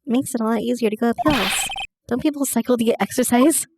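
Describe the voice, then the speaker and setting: A woman's voice: on the high side, quick pace, background noise. A woman game streamer chatting casually with her viewers, giggly and friendly, reading out chat messages. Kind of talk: casual let's-play chat.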